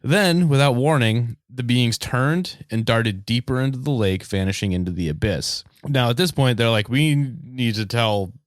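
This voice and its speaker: A man from the United States hosting a comedy podcast, telling a story in a loose, animated way. He laughs often and swears casually. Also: mid-range voice, moderate pace, hardly any pauses, no echo, clean studio sound. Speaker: podcast host.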